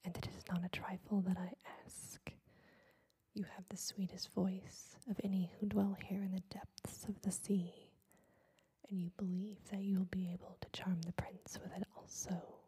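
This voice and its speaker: A woman's voice: medium pitch, flat delivery, unhurried, warm tone, close to an everyday voice. A woman whispering a cruel sea witch. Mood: mocking menace. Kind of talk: whispered role-play.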